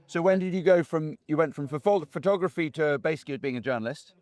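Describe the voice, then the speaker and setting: A man's voice: on the high side, fast, darkish tone, no echo. Outspoken male podcast host. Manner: outspoken, chatty, acts out quotes. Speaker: podcast host, dog trainer. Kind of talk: casual podcast conversation.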